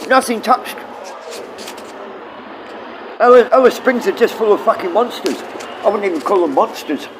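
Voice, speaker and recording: A man's voice: high-pitched, lively intonation, moderate pace, long pauses, noisy background. A man with an Australian accent streaming live, rambling bluntly and swearing often as he talks to his chat.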